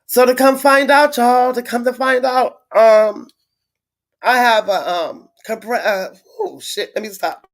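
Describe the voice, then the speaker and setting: A woman chatting casually on a live stream to her viewers, venting in a frustrated, blunt way with swearing and halting restarts. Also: fairly high pitch, steady tone. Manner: halting with many fillers and restarts. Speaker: livestreamer greeting viewers.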